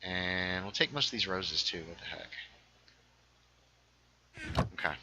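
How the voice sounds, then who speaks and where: A man's voice: deep voice, animated, brisk, bright, forceful tone, low-quality recording. A man casually chatting on a gaming livestream, rambling through stories and reading chat aloud. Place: home setup, playing a game.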